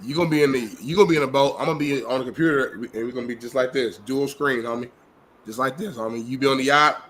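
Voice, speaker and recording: A man's voice: medium pitch, fast, a bit bright, a little hiss or hum. A man co-hosting a podcast in casual chat, teasing his partner and greeting the live chat. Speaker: podcast co-host.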